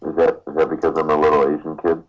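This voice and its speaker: A man's voice: extremely low pitch, monotone, quick pace, dull audio, faint music behind. A man playing a tabletop game, joking and bantering with the other players. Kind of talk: tabletop role-play banter.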